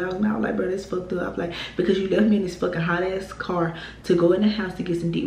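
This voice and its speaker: A young woman, heatedly telling a storytime on her channel. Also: mid-range voice. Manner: animated, heated retelling with profanity and laughs. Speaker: YouTube storyteller. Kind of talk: casual storytime vlog. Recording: echoey room with faint noise.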